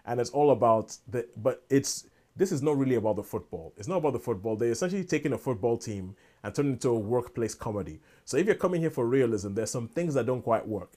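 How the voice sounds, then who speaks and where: A man's voice: medium pitch, expressive, fast, few pauses, mellow. A man in casual podcast chat, rambling on with lots of restarts and asides. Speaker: podcast co-host.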